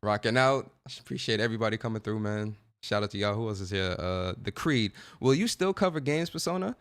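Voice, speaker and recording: A man's voice: lowish voice, expressive, fairly quick, clear, resonant tone. A young man hosting a casual gaming livestream, chatting in laid-back slang, greeting viewers by name and laughing often.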